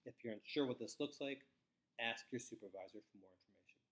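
A middle-aged man giving a scripted training webinar for foster care staff, speaking in a measured, emphatic way with falling sentence endings. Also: mid-range voice, a bit bright.

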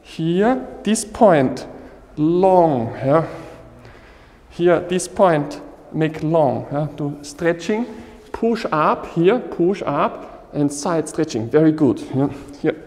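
A man leading a qigong class, giving short, slow instructions in simple English, likely a Chinese native speaker. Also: fairly high pitch, lively intonation, a little mellow, long reverb tail. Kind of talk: guiding a live class.

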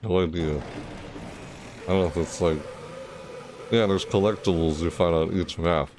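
Against a noisy background, a man with a low-sitting voice speaks at normal speed while streaming a shooter. His casual self-talk is excitable, punctuated by frequent startled yelps and groans.

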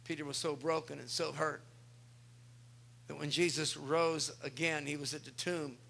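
A man's voice: fairly high pitch, flat delivery, moderate pace, gravelly, a bit bright. A male pastor preaching a sermon, speaking with emphasis and turning often to address the congregation.

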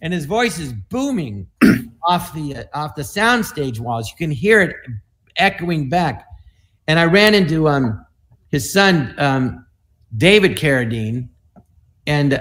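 Animated storytelling man in his sixties. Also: a little high. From United States. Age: 60s. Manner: animated, slips into quick impressions and voices. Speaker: comedian guest on an online panel. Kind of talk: casual storytelling.

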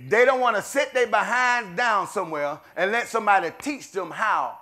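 A middle-aged man preaching a sermon, swinging between shouted declarations and low murmured asides. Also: moderate pace.

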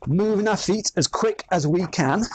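A man's voice: high voice, moderate pace, darkish tone, slight background noise. A man leading an online workout class, counting down rounds and encouraging people in an upbeat way. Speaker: fitness instructor.

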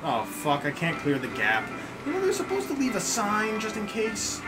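A man co-hosting a let's play, excitable and bursting into loud exclamations as he plays. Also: high-pitched, normal speed. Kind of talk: casual gaming commentary. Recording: game music behind.

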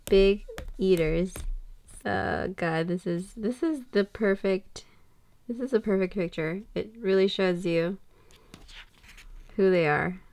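A woman gushing through a casual unboxing commentary, talking affectionately and laughing softly as she goes. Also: medium pitch, takes it slowly, long pauses. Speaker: K-pop fan unboxing photobooks.

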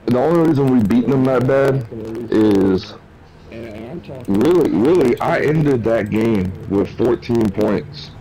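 A young man streaming live, telling a story in casual chat, profane and animated, acting out what others said. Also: mid-range voice, slow pace, rough recording. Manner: profane, animated retelling with quoted dialogue.

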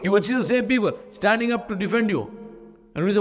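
A man giving a sermon as an imam in a mosque, telling a story with lively pitch shifts and repeated phrases. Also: quick pace, faint music behind. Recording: long hall reverb.

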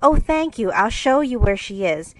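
A woman voicing a clumsy, lively teenage girl with an eager, impulsive way of talking, in a storybook reading. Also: a little high, moderate pace, pitched above the performer's own voice, lightly acted, rough recording.

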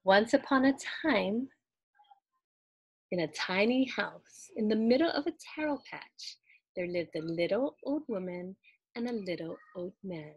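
A woman reading a children's picture book aloud in an expressive, animated storytelling way. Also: medium pitch, measured pace, slightly rough, no room sound, highs cut off.

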